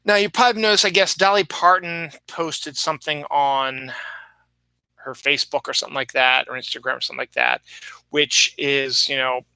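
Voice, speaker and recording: Bright rambling male podcast host. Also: fairly high pitch, fairly even intonation, normal speed, gravelly, smooth, dry recording, rough recording. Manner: rambling, filler-heavy, self-interrupting. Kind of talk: casual news chat.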